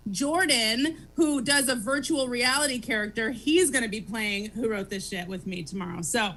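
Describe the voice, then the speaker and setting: High-pitched woman guest, loud and rambling, super excitable, just chatting. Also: normal speed. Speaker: comedian guest. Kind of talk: casual chat.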